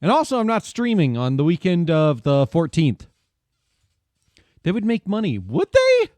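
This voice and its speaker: A male streamer rambling casually to his chat, dropping swear words into animated complaints. His voice sits fairly high and swings widely in pitch. The sound is dry and close. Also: normal speed, no echo.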